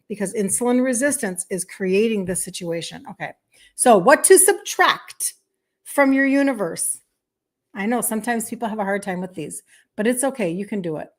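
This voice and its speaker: A woman in her fifties, a health coach, talking casually on a live stream, emphatic and chatty, repeating key points and checking in with "okay?". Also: fairly high pitch. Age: 50s. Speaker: health coach hosting a weekday live show.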